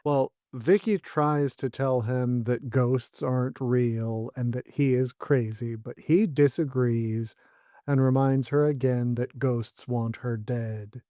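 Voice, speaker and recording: Slow dry-humored man. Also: medium pitch, steady tone, mellow, no room sound. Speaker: podcast co-host. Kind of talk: casual podcast chat and episode recap.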